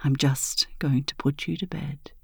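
A woman in a whispered role-play, narrating in a dominant, commanding way with a breathy, half-whispered delivery. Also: deep voice, level tone, measured pace, fairly bright tone, no room sound, studio quality. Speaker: erotic audio narrator.

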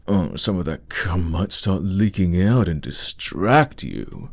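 A man with a deep, breathy voice murmurs his way through an adult audio role-play, right up against the mic. He drags out every word at a very unhurried pace, teasing and giving orders without ever rushing. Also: animated, dry recording.

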